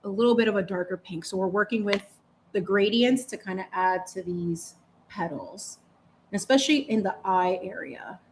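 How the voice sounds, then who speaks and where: Chatty, expressive woman painting live. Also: mid-range voice. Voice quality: expressive, laughs often, drawn-out words. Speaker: painting livestream host. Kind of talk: casual chat while painting.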